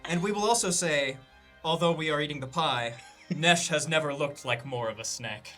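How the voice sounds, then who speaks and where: A man playing in a tabletop game, joking and bantering with the others, with loud music behind him. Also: a little high, normal speed. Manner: jokey, lively banter. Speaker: player. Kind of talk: casual tabletop game chat.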